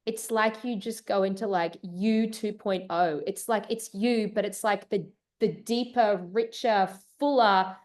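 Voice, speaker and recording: A mother speaking earnestly and emotionally in a reflective conversation, often pausing to search for words. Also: medium pitch, steady tone, darkish tone. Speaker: mother sharing her birth story.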